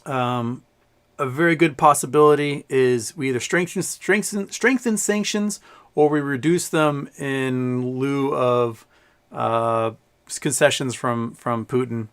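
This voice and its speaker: A man's voice: mid-range voice, measured pace, smooth. A man hosting a casual livestream, talking in a loose, rambling way with frequent fillers and restarts. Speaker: livestream host.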